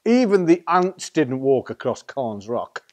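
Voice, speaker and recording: With a very animated delivery at medium pitch and a slightly slow pace, a man from England tells a children's story. He has a Staffordshire accent and performs it in a playful, theatrical oral storytelling manner.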